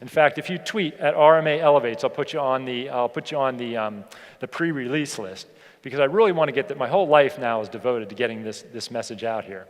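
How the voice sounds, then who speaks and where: A man giving a motivational keynote speech to an audience. He asks them rhetorical questions and slows down to stress key points. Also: medium pitch. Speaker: keynote speaker. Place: large hall on stage. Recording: long hall reverb.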